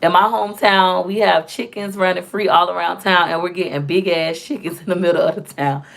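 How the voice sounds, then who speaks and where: A young woman talking casually to her viewers, her low voice carrying a gravelly edge. She chats in an animated, storytelling way, full of slang and quick asides. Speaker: vlogger. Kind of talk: casual chat to camera.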